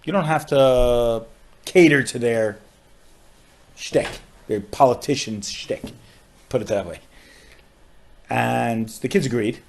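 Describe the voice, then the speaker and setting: A man, a rabbi on a podcast, tells a story with strong feeling, often saying "like" and dropping to a hushed voice at sad moments. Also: mid-range voice, slow pace, creaky, pauses often. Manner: emotional storyteller with frequent "like" fillers.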